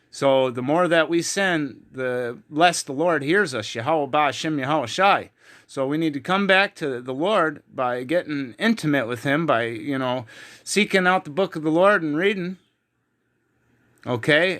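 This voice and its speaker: Heated, forceful male preacher. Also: a little high. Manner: heated and emphatic, with frequent fillers. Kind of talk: online Bible teaching.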